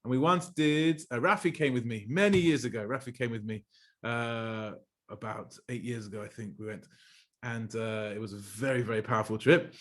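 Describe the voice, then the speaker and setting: A middle-aged man, a rabbi, teaching a Torah class in an animated storytelling manner. He mixes Hebrew terms into his English and laughs at his own anecdotes. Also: mid-range voice.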